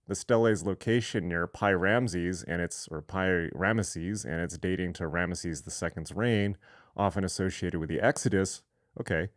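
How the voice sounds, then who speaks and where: Deep-voiced man reading with sarcastic asides. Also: no room sound, studio quality. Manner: reads aloud with asides, sarcastic and irreverent. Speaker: host. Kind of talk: live-streamed lecture reading and commenting on sources.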